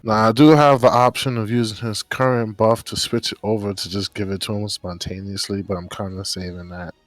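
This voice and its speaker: A man playing a tabletop game, talking through his options in a halting, thinking-aloud way. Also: lowish voice, steady tone, no room sound. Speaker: player. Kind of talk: casual game chat.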